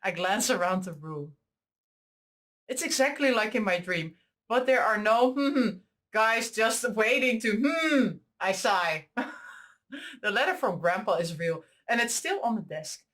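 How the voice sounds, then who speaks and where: A woman reading a visual novel aloud, with giggly, excitable asides between the lines. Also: mid-range voice, unhurried. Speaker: visual novel let's player. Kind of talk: reading a game aloud with reactions.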